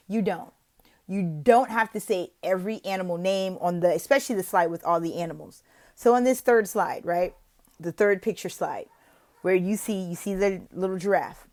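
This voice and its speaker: In a casual online tutorial, a mid-range-voiced woman chats her way through interview tips, leaning on fillers such as "like" and "you know." Her lively demo teaching brings out an exaggerated, gasping teacher voice that draws out its questions.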